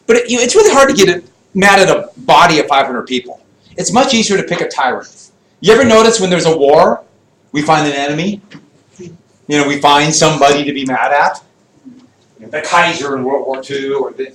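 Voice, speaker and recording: A man teaching a history lesson to a class, lively and jokey, quizzing his students as he goes. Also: on the high side, moderate pace. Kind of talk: classroom lecture with student questions. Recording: echoey classroom, voice from far off.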